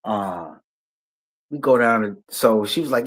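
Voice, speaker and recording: A man's voice: medium pitch, a little slow. A middle-aged man with a Washington D.C. accent, telling stories as a guest in a casual, slang-heavy interview and acting out the voices he quotes. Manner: animated, acts out quoted voices, loose slang-heavy talk. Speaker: guest musician.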